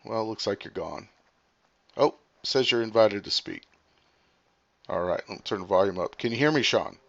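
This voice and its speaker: A man with a lowish voice hosts his own livestream and talks off the cuff. He rambles, thinks out loud with plenty of fillers and hurries along as he reads comments. The audio is dull and lo-fi. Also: vocal fry. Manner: talks fast while reading comments. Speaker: livestream host.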